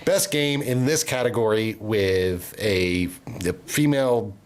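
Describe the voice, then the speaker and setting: A man co-hosting a casual podcast, telling a rambling story and dropping low and quiet for asides. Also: slow pace. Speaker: podcast co-host. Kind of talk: casual chat.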